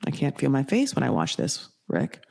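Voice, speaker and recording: A woman's voice: very deep voice, moderate pace, gravelly. A woman hosting a casual recap podcast, talking bluntly and with lots of swearing. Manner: blunt, profane, animated. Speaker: podcast host. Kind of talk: casual reality-TV recap commentary.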